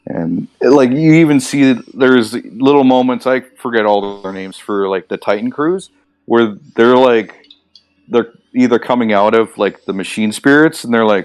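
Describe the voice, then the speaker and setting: A man's voice: medium pitch, moderate pace, no echo. A man co-hosting a casual podcast about novels, rambling through plot points and acting out quotes. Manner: rambling, lists things, acts out quotes. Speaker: podcast co-host. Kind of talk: casual book discussion.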